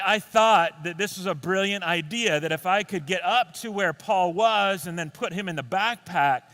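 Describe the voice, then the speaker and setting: Bright-voiced man telling a comic story. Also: high voice. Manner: animated, with quick repeated restarts. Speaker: stand-up comedian.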